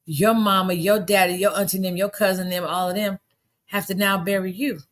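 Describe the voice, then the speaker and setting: A middle-aged woman giving a blunt, indignant casual commentary, preachy and plain-spoken, her voice jumping up high when exasperated. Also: fairly even intonation, brisk. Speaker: commentary vlogger.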